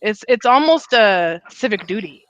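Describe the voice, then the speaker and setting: A woman's voice: medium pitch, animated, normal speed, highs cut off, slight background noise. A woman telling candid stories in a casual group chat from home, laughing often.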